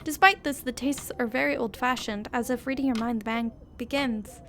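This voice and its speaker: A sleepy, giggly woman streaming a text game and reading it aloud at a desk microphone. Her voice sits a little high, and a faint background hiss runs underneath. She keeps up an easy, chatty running commentary. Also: steady tone, moderate pace, hardly any pauses, fairly bright tone. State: sleepy, yawning. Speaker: gaming streamer.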